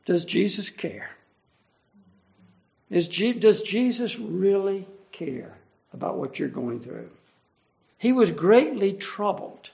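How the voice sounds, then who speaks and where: High, gravelly male preacher, lo-fi. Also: animated, slow, long pauses, a little mellow. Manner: earnest, conversational, explaining each verse. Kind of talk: verse-by-verse Bible teaching. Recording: dull lo-fi recording.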